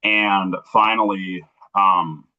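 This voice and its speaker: A man's voice: deep voice, steady tone, drawn-out words, muffled recording. A middle-aged man, an interview guest, earnestly telling a personal story on a livestream and acting out remembered dialogue.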